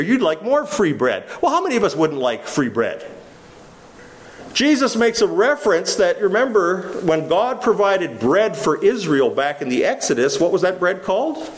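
A male preacher teaches his listeners. His voice sits high and rises and falls a great deal. He keeps asking questions and then answering them himself. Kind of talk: sermon.

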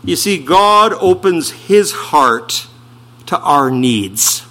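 A man preaching a sermon as pastor, stressing slowed phrases and asking rhetorical questions. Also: a little high, animated, pushed and bright.

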